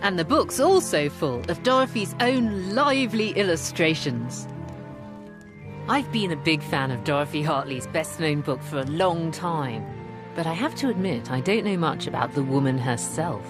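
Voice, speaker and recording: Woman documentary host, lower register, animated delivery, music bed. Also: moderate pace. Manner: enthusiastic, expressive. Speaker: historian and curator presenting the programme. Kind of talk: documentary presenting and narration.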